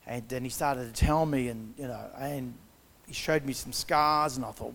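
A man's voice: medium pitch, moderate pace, gravelly, hardly any pauses, a bit bright. A man giving a personal testimony, retelling events conversationally and acting out the quotes.

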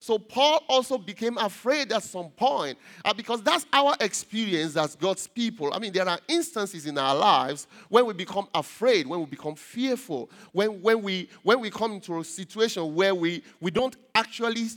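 Halting preacher, man in reverberant hall. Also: high-pitched, lively intonation, fairly bright tone. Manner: halting with many repeated words, rising emphatically on key points. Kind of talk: sermon. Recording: long reverb.

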